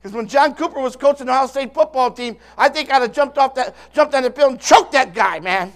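A man's voice: very high voice, fairly quick. A man in his sixties preaching a sermon as pastor, emphatic, with call-and-response asides and many repeated, restarted words.

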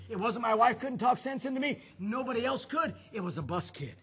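A middle-aged male pastor preaching a sermon, telling a personal story with animated swings from shouting to hushed confession. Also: very high voice, fairly quick, breathy edge.

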